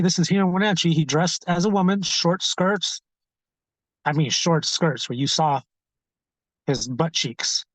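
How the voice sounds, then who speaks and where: Earnest man, halting and repetitive. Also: a little high, no echo, rough recording. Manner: earnest, halting, often repeats words while searching. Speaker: street ministry founder. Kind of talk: conversational interview storytelling.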